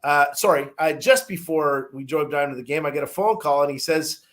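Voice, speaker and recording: A man's voice: on the high side, a little fast, fairly bright tone. A man telling a long casual story, rambling with many restarts, fillers and some swearing.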